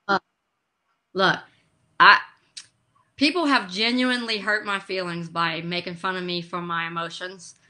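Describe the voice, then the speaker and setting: A middle-aged woman, a guest on a video call, telling stories in an animated, emotional way. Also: fairly low pitch, unhurried, pauses often. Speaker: guest, drag racer. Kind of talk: casual interview chat.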